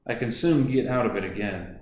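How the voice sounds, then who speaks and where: A man's voice: medium pitch, lively intonation, fairly quick, darkish tone, natural voice. A man voicing a spirited, wary young woman in a storybook reading, blunt and guarded. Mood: wary firm. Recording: echoey room.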